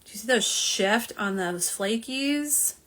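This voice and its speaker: A woman's voice: on the high side, animated, slow pace, fairly bright tone. A woman hosting a live nail polish unboxing stream, chatty and self-deprecating as she reads viewer comments aloud, filmed on a phone camera. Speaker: nail polish livestream host. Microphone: phone camera, front and back.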